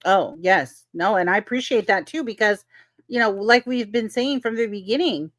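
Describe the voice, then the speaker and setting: A woman's voice: medium pitch, normal speed, a bit bright, no room sound. Female livestream host, casual agreeable chat, dry close recording. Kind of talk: livestream discussion.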